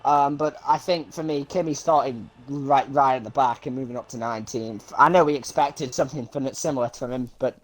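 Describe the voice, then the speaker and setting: A man with a voice going hoarse, co-commentating and interviewing a driver after a race, hesitant and full of restarts. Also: mid-range voice, fairly quick, few pauses.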